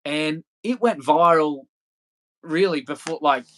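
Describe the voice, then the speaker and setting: A man's voice: a little high, slow pace, a bit bright. A man in his thirties, a podcast guest telling stories in a loose, rambling way, swearing freely and laughing often. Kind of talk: casual storytelling interview.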